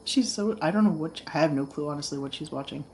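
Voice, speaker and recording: A woman's voice: low voice, fast, darkish tone, a little hiss or hum. A woman hosting a casual livestream from her home, rambling chattily with lots of fillers. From Canada. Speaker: channel host. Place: home, indoors.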